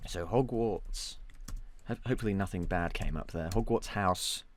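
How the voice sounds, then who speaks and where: Joking young man, low voice. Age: 20s. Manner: joking, quick banter with frequent restarts. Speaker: host. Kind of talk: casual chat about films.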